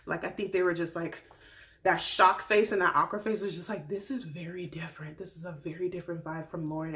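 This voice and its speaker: A woman's voice: medium pitch, a bit bright. A woman hosting a casual recap video, talking through a reality show in a chatty, blunt way with slangy, swearing asides. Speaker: YouTube recap host.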